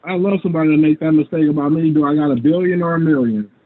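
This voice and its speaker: A man's voice: a little high, very fast. Teasing man on a tinny phone-like line. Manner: teasing, playful. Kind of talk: casual chat.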